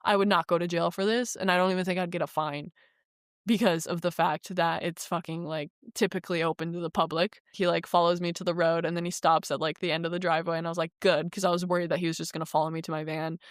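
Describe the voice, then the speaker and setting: A woman's voice: lowish voice, fast, no room sound, studio quality. A young woman vlogger telling a story in casual, rambling talk, full of "like" and swearing, acting out the quotes. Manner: rambling, heavy use of "like", frequent swearing; animated retelling with acted quotes.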